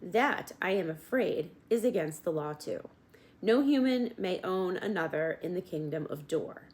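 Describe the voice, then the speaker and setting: A woman's voice: on the low side, lively intonation, unhurried, a little mellow. A woman voicing a dutiful male soldier of the king who talks in a stiff, formal, patient way.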